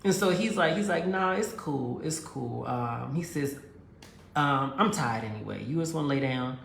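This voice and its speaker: Gravelly-voiced woman telling a relationship story. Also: a bass voice, expressive, moderate pace, slight background noise. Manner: acts out both sides of conversations; direct, addresses listeners as girls and honey. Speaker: relationship advice speaker. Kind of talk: casual storytelling with advice. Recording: roomy echo.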